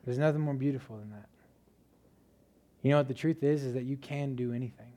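A man's voice: mid-range voice, fairly quick, mellow. Casual storytelling male preacher. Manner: conversational storytelling with many "like" fillers. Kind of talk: casual sermon testimony.

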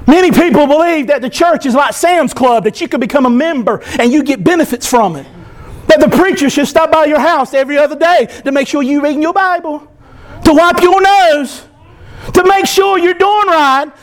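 A male pastor preaching an impassioned sermon, often breaking into shouts. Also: very high-pitched, normal speed. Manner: impassioned, fervent, bursts into shouting.

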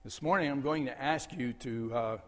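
An older man speaks from the pulpit as a departing pastor. His delivery is slow and halting, with many "uh" fillers and soft chuckles. His mid-pitched voice carries a long church reverb. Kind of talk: farewell address from the pulpit. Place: church sanctuary.

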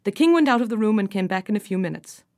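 A woman's voice: medium pitch, lively intonation, quick pace, darkish tone. A woman reading a folktale aloud, narrating expressively and lifting her voice for the characters' lines. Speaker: storyteller.

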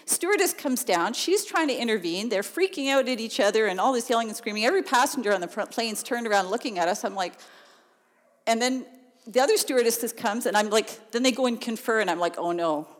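A woman telling a personal story in an animated, chatty way, laughing often. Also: a little high, a little fast. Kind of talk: storytelling testimony. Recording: long reverb of a large hall.

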